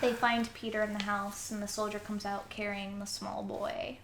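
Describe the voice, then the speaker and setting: A woman's voice: mid-range voice, normal speed. A young woman co-hosting a podcast, retelling a story in casual chat and acting out the quoted lines as she goes. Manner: animated storyteller who acts out quoted lines. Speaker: podcast co-host. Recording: echoey room, faint noise.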